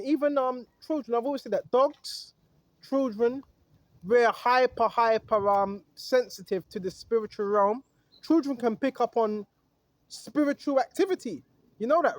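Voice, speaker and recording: A man's voice: very high voice, no echo. A man preaching outdoors, reading scripture aloud and then riffing on it, calling out to listeners and chuckling often. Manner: exhorting, reads scripture aloud then riffs on it. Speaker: street preacher.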